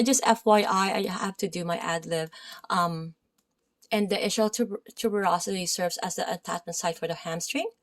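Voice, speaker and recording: A woman with a Filipino accent teaches anatomy in a chatty style, with many fillers, and often checks in with her listeners. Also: medium pitch. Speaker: massage therapy instructor. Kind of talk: casual anatomy lesson.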